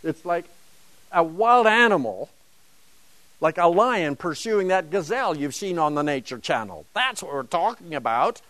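A man's voice: fairly high pitch, very animated, unhurried, fairly bright tone, no echo. A man teaching a Bible lesson to a class, emphatic and dramatic, driving home points with rhetorical questions.

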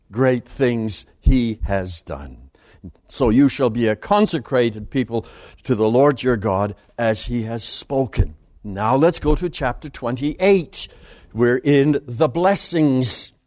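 A man preaching a sermon, reading scripture with loud, soaring passages and dropping to quiet asides. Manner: dramatic swings between booming scripture reading and quiet asides.

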